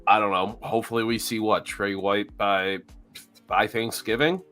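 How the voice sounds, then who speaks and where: A man co-hosting a podcast, giving animated fan opinions in casual chat. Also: lowish voice, normal speed, faint music behind. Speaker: podcast co-host.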